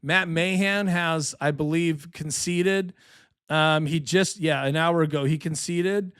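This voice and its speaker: A man hosting a casual live election podcast, rambling and sarcastic, tired from little sleep but excited. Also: fairly high pitch, takes it slowly, smooth. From California. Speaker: political podcast host.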